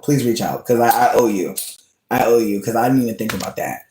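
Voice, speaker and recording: Talking at a quick pace in a mid-range voice, a man hangs out with viewers on a livestream, his audio carrying a little hiss or hum and a roomy echo. He rambles, cusses, peppers his speech with "like," and keeps laughing mid-sentence.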